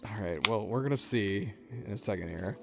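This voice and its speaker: Over loud music, a let's-play host talks briskly in a lowish, creaky voice. He muses aloud casually and pokes wry fun at the game characters.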